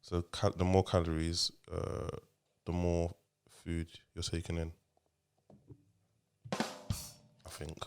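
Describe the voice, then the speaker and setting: A man with a very low voice hosts a relaxed podcast chat as a father. He talks in a teasing, rambling way and often repeats his questions. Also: slow pace, pauses often, clean tone.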